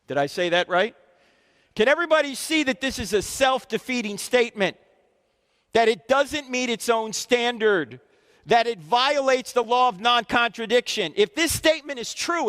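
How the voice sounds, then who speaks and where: A man with a high, lively voice lectures a crowd of students, firing questions at them to keep them engaged. The sound carries a long reverb from the auditorium he speaks in. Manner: animated, quizzes the audience with questions. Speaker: Christian apologetics speaker. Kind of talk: live lecture to a student audience. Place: university auditorium. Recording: reverberant hall.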